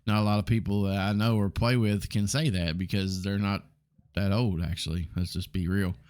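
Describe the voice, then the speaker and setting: A man's voice: on the low side, fairly even intonation, normal speed, a little mellow. A man in his forties with a Southern US accent, hosting a casual solo podcast and talking in a rambling, blunt way with plenty of ums and the odd curse. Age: 40s. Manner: rambling, blunt, frequent ums and mild swearing. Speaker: podcast host.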